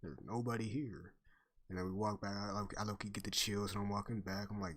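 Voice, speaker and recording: A man's voice: lowish voice, fairly even intonation, fairly quick, a bit bright. A young man chatting casually on stream, telling a story full of slang and swearing and laughing often.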